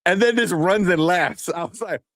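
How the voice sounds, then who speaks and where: A man in his thirties co-hosting a casual movie news stream, telling family stories and acting out quotes in a high voice. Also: expressive, normal speed, a bit bright, no room sound, studio quality. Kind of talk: casual chat.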